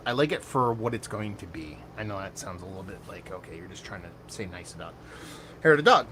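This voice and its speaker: A man giving a casual, animated beer tasting review, excitable and self-mocking, with loose cursing. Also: lowish voice, fairly quick, slight background noise.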